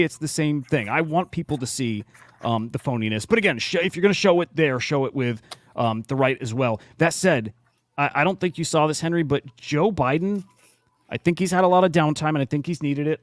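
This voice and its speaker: A man's voice: fairly high pitch, no room sound, studio quality. Blunt, cursing podcast host guy. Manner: blunt and profane, lots of restarts. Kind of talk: casual chat.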